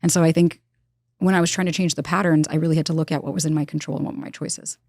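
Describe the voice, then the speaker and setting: A woman's voice: low voice, steady tone, gravelly, a little mellow, dry recording, clean studio sound. A woman, telling candid stories as a relationship expert guest in a casual interview. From New York. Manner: fast, candid storytelling with quick asides. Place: studio in Los Angeles.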